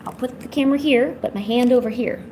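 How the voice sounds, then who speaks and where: Woman on a home art stream, baby-talking her cat, gravelly edge, slight hiss behind. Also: a little high, fast talker, mellow. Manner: cooing baby talk to her cat, chatty asides to viewers. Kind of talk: casual live-stream chat.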